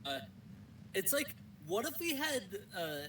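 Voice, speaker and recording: Lively, swearing co-player on a stream. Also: medium pitch, unhurried, slight background noise. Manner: animated, swearing, joking. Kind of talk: casual chat. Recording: distant mic, loud game music.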